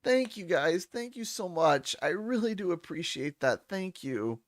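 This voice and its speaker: A man's voice: high-pitched, sing-song, a little slow, no room sound, studio quality. A man from Canada with a Canadian accent, chatting casually on a game livestream, laughing often and thanking donors by name. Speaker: streamer.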